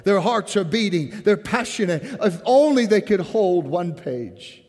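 A man preaching a sermon as pastor, earnest and impassioned, dropping to a hushed tone when he prays. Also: high-pitched, expressive, unhurried. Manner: earnest, rising to impassioned then softening to a hushed prayer. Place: church sanctuary. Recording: church hall with long reverb.

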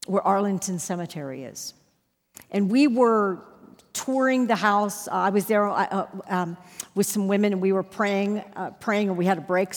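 Husky woman preaching in a reverberant hall. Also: medium pitch. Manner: emphatic storytelling with sudden loud rises. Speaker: Bible teacher. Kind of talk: sermon with personal story.

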